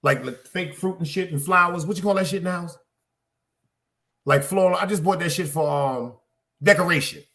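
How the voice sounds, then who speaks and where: A middle-aged man hosting a podcast, talking loudly in profane, casual street slang. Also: high voice, normal speed. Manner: loud, profane street talk. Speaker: podcast host. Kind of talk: casual chat.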